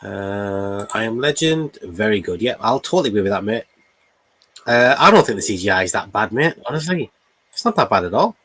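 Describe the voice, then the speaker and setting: A man co-hosting a casual livestream, relaxed and agreeable, muttering as he works his computer. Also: fairly low pitch, fairly quick. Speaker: co-host.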